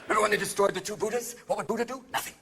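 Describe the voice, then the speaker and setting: A man doing a stand-up comedy routine, manic, swinging between shouts and hushed asides, recorded live on stage. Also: sits high, steady tone, very fast, creaky, background noise.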